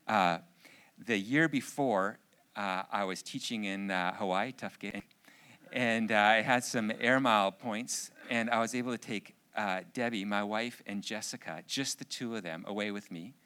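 Middle-aged male speaker, low and forceful, animated sermon storyteller with jokey asides. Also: moderate pace, smooth. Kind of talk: personal anecdote in a sermon.

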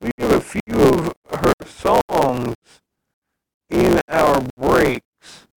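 Male co-host, slow and very gravelly, expressive pitch, short replies. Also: dry recording, poor audio. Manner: brief agreeing replies. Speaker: podcast co-host. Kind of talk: casual chat.

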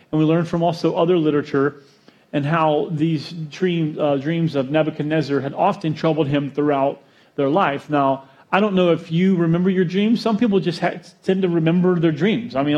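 A man preaching a sermon, storytelling with jokes and acting out quotes in an animated way. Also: a little high, highs cut off. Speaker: pastor.

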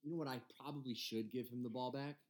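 A man's voice: medium pitch, steady tone, fast. A young man in his twenties from Michigan, co-hosting a casual podcast and telling a story with lots of laughter and swearing. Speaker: podcast co-host.

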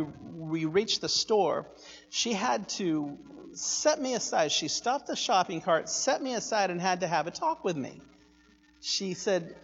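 A man telling a personal story as a sermon, swinging between hushed asides and loud excited bursts. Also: high-pitched. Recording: echoey hall, dull sound.

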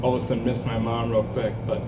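A man's voice: mid-range voice, level tone, fast, background noise. A man playing a tabletop game, joking around animatedly with the group. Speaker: player. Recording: roomy, far from the mic, people around.

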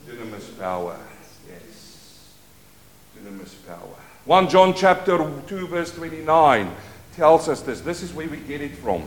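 A man preaching a sermon as pastor, leading call-and-response and moving between quiet asides and loud declarations. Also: a little high, big pitch swings, normal speed, roomy sound. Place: church.

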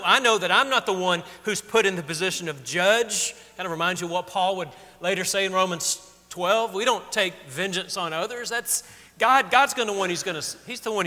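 A pastor with a high, bright, forceful voice preaches in a large hall. He keeps the sermon conversational, acting out the people in the story with rising feeling.

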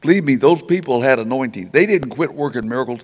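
A man's voice: medium pitch, lively intonation, fast talker, a little mellow. An older man preaching in a folksy storytelling way, stammering and repeating words as he acts out the people in his stories. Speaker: preacher telling revival stories. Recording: church hall reverb.

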